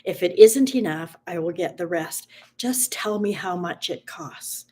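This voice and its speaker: A woman voicing an earnest, determined little girl as she reads a story aloud, speaking softly and sometimes dropping to a whisper. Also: fairly low pitch, lively intonation, unhurried, slightly rough. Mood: earnest pleading. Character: determined little girl pleading for her brother.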